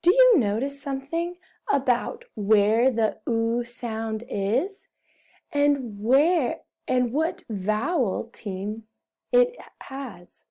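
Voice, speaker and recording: A woman's voice: on the high side, lively intonation, extremely slow, mellow. A woman teaching a phonics lesson to young children, carefully sounding out and repeating each word. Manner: over-enunciates words and repeats them, speaks to children. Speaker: first-grade teacher.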